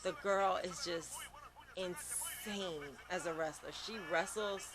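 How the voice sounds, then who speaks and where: High-voiced, outspoken sleepy man. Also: slow. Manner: outspoken and exclamatory, swears freely. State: sleepy, yawning late at night. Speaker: wrestling reaction channel host. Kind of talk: casual reaction commentary.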